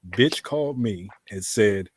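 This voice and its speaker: A man's voice: on the low side, animated, measured pace, slight background noise. A man co-hosting a podcast, telling a profane story in casual chat and acting out both sides of the dialogue. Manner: profane, blunt. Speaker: podcast co-host.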